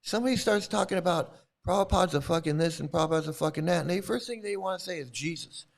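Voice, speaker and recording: A man's voice: high voice, fast, creaky. A middle-aged man hosting his own channel, ranting angrily and swearing at commenters in a confrontational, profane way. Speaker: YouTube channel host. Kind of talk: profane live-stream rant.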